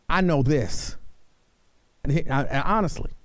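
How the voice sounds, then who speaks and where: A man's voice: fairly high pitch, measured pace, a bit bright, dry recording. A man hosting a talk radio show, talking casually and animatedly, often repeating himself for emphasis. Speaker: radio host.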